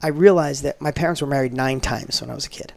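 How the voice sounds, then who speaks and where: In a casual podcast interview, a middle-aged guest tells stories from his life, animatedly impersonating quoted speech and often beginning again. His mid-range voice is fast and shows vocal fry, recorded dry.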